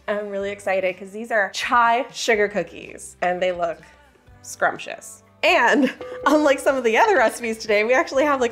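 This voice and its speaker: A woman's voice: fairly high pitch, fairly bright tone. A woman hosting a home baking video, chatting along in an upbeat, thinking-aloud way in her kitchen. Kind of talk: casual baking vlog chat.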